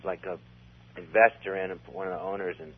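A man's voice: low-pitched, steady tone, brisk, husky. A man telling a long story in a casual, rambling way, full of restarts. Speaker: comedian guest. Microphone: phone. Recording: tinny phone line.

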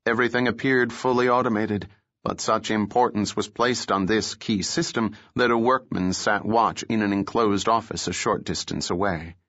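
A male narrator reads thriller prose with a steady, measured delivery in a lowish voice. The sound is dry and close, with no room around it. The recording is slightly dull and muffled. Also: no echo. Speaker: audiobook narrator. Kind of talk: scripted narration of a thriller novel.

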